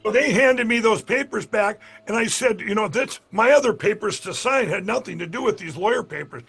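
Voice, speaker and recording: A man being interviewed, telling a story in a casual, animated way, acting out the dialogue and often restarting his sentences. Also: sits high, brisk, creaky, slightly rough, soft background music. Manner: animated retelling, acts out quoted dialogue, frequent restarts; addresses the audience directly. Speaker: interview guest.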